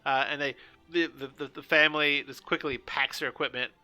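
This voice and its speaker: A man narrating as game master of a live-streamed tabletop game, halting with many restarts and fillers. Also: on the high side, steady tone, sharp tone, faint music behind.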